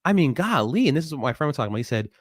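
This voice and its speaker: A man hosting a live forum, speaking in an animated, unscripted way and quoting others in a raised voice. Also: medium pitch, rapid-fire, no echo, clean studio sound. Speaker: forum host. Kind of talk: live commentary talk.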